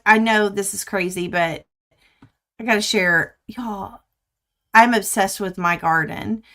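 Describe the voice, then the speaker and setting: An older woman hosts a casual livestream, talking to viewers through her webcam. Her voice is bright and forward, and she chats in an excitable, easily amused way. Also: medium pitch. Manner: chatty, excitable, laughs easily. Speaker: quilting livestream host. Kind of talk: casual chat to live viewers.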